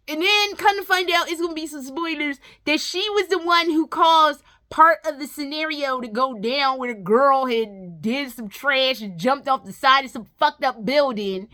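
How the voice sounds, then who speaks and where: A woman with a high, lively voice rants about games in a casual vlog, swearing freely. Her tone is bright and sharp, and she keeps slipping into mocking whiny impressions of characters. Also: moderate pace, hardly any pauses. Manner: profane, exasperated ranting with mocking whiny impressions. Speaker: gaming vlogger.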